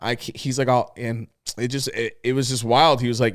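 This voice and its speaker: A young man on a podcast, talking casually and swearing freely as he tells a personal story. His pitch sits in the middle range for a man, and he speaks in a candid, unguarded way. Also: little pitch movement, fairly quick, few pauses. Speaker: podcast co-host. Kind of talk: casual chat.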